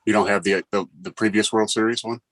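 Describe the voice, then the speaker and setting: Male guest, rapid-fire low voice, quips into a casual chat. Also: fairly even intonation. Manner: quick, joking interjections. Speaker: guest on a livestream.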